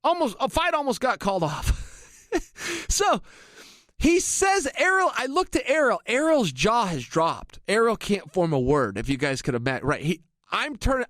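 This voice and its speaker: A middle-aged man and MMA analyst, telling an energetic anecdote and talking straight to his listeners. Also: high voice, dry recording, studio quality. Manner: energetic, addresses listeners directly. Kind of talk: animated anecdotal storytelling.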